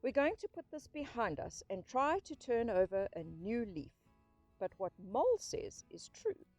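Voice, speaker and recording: A stern old badger, wise and severe, speaks in a thin, dry voice, as a woman reader puts him on. His pitch climbs and falls widely as he scolds and soothes. Faint music sits under this storybook reading. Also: very animated, measured pace, dry recording. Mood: kindly. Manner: severe, commanding, then gently soothing.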